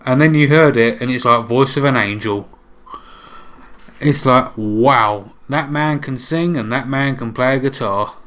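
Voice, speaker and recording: A man's voice: mid-range voice, a little slow, fairly bright tone. A man co-hosting a podcast in casual chat, with dry, teasing humor. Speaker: podcast co-host. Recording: dull lo-fi mic.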